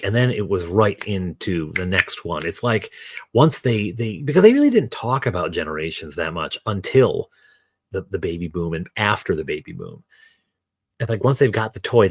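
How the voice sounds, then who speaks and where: A man's voice: sits low, husky, no echo. A man in his fifties chatting casually, rambling and wry. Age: 50s. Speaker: streamer. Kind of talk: casual chat.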